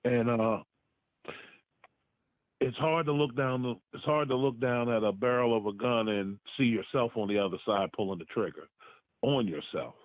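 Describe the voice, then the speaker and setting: Halting man on a phone line. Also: medium pitch, no echo. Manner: halting, hesitant, earnest. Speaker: guest sharing his story. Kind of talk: personal testimony. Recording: tinny phone line, dry.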